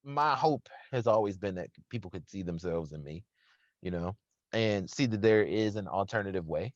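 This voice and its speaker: A man, an interview guest who owns a restaurant, talking in an earnest, reflective way with bursts of lively laughter. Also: sits low, moderate pace, no room sound. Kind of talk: casual conversational interview. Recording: slightly dull, dry sound.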